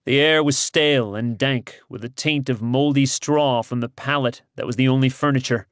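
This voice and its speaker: A man narrating an audiobook in measured, dramatic storytelling on a close studio mic. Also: medium pitch, fairly even intonation, a bit bright, smooth, dry recording. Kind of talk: scripted narration.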